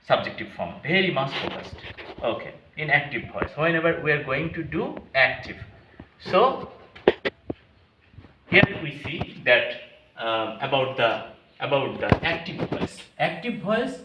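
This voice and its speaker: A man's voice: on the high side, roomy sound, background noise. A male English teacher giving a classroom grammar lesson, explaining step by step and repeating key phrases. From Bangladesh.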